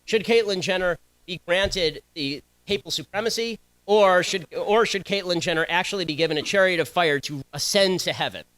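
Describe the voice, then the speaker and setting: A young man giving a combative, sarcastic political speech to students, talking in rapid-fire bursts. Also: sits high, a bit bright, rough recording. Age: young adult.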